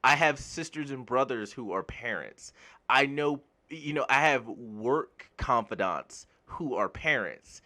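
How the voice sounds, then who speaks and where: Bright-voiced man ranting bluntly. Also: medium pitch, measured pace. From United States. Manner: blunt, swears freely, laughs at own jokes; animated, voice jumps up when worked up. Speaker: gaming YouTuber. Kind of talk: casual ranting commentary.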